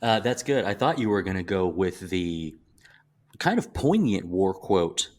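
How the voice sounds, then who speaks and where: Southern man, low voice, casual podcast co-host, halting and reflective. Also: very animated, darkish tone. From American South. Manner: halting, restarts often, thoughtful. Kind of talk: casual movie discussion.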